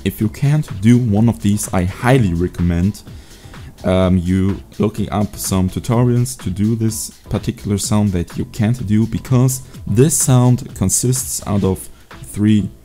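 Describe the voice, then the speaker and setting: A young man teaching a beatbox sound in a casual home video tutorial, relaxed and hesitant, with many fillers. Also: on the low side, measured pace, faint music behind. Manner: laid-back, hesitant with fillers. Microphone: USB desk mic.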